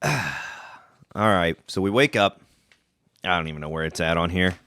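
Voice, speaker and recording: A man hosting a podcast, telling a story in a casual, self-mocking way and jumping up in pitch for emphasis. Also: moderate pace, fairly bright tone, clear, resonant tone, no room sound, clean studio sound. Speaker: podcast host.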